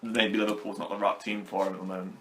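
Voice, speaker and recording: A British man co-hosting a podcast, measured and agreeable in casual football chat. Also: fairly low pitch, level tone, a little hiss or hum. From Britain. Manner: agreeable, measured, often affirms. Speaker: podcast co-host.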